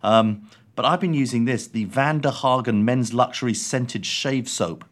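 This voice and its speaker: A man from England co-hosting a podcast, dry and deadpan, talking with hesitant ums. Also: medium pitch, unhurried. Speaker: podcast co-host. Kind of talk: casual comedic chat.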